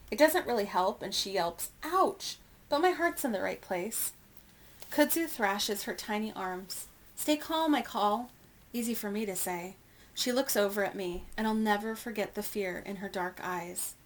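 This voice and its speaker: A woman reading a children's novel aloud with clear, expressive storytelling. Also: medium pitch, normal speed. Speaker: reader.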